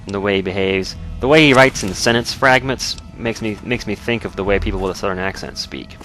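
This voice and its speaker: Man with a deep voice, laid-back, rambling gameplay commentary. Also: fairly quick, fairly bright tone, soft background music. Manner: easygoing, rambling, self-correcting. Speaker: let's play host.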